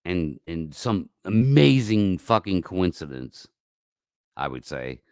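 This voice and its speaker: Deep, rambling, swearing livestream host man. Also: very animated, slow pace, clear, resonant tone, no echo, studio quality. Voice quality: profane, rambling. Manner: swings from mumbling to loud outbursts. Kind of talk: casual livestream talk.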